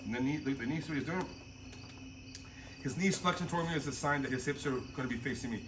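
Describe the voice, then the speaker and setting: A man's voice: mid-range voice, quick pace. Guy coaching jiu-jitsu on the mat, chatty and laughy, lots of background noise. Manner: casual, laughs often, animated storytelling. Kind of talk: mat-side technique teaching. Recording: noisy gym audio.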